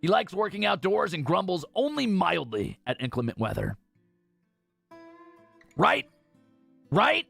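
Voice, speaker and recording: A man streaming a game in casual commentary, reading game text aloud with excited asides. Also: sits high, brisk, vocal fry, few pauses, no room sound, faint music behind.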